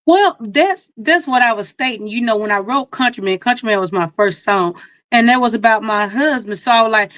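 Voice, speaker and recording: A middle-aged woman with a Mississippi country accent chats casually as a singer guest in an interview, telling folksy stories and laughing at herself. Her voice is slightly high and a bit bright, fairly quick, recorded on a dry mic with no echo.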